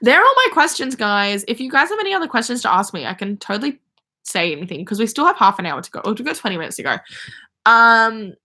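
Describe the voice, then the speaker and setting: A woman's voice: fairly high pitch, sing-song, quick pace, sharp tone. Chatty young woman gushing on a livestream. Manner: chatty, gushing, many fillers and restarts. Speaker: livestream host. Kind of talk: casual fan chat. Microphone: phone or webcam.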